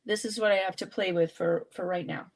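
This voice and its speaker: A woman leads a relaxed live art journaling session. She chats and thinks aloud as she pulls supplies and prompt cards. Her pitch sits in an ordinary middle range, and her delivery is casual and unscripted. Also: fairly quick. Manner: chatty, thinking aloud while working. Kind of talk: casual live craft demonstration.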